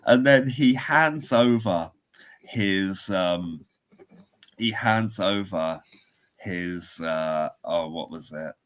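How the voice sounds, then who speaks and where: A man's voice: sits low, drawn-out words. A man, co-hosting a podcast and telling a rambling story with laughs and restarts. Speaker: podcast co-host. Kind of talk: casual chat, storytelling.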